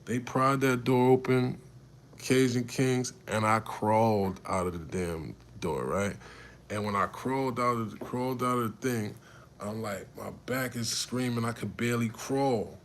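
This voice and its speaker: A man casually telling a personal story to camera, animated and profane, restarting his sentences often. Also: medium pitch, a little hiss or hum.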